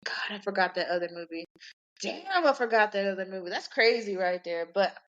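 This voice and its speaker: A woman's voice: mid-range voice, animated, a little fast, a bit bright, highs cut off. A woman in her forties hosting a podcast, ranting in a chatty, rambling, profane way. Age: 40s. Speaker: podcast host. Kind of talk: casual ranting podcast talk.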